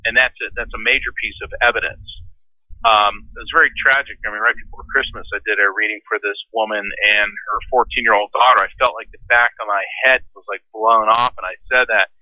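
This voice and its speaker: A man talking as a guest on an interview show, telling stories with animated, high-pitched acted-out voices. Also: a little fast, dry recording, narrow, tinny audio. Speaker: guest, lawyer and medium. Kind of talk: interview storytelling.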